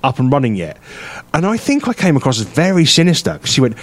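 A man spinning a long, meandering story on a radio show, piling up fillers and false starts as he goes. His voice sits at an ordinary middle pitch, and his delivery stays easygoing. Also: very animated, fast, dry recording. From England. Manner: rambling anecdotal storytelling with frequent fillers and laughs. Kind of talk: casual chat.

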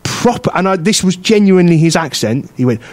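A man hosting a radio chat show, spinning an anecdote with a lot of animation. His voice sits a bit high and jumps around a great deal. He talks casually, like he's among friends. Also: brisk. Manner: animated storyteller who acts out other people's voices and laughs often. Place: radio studio.

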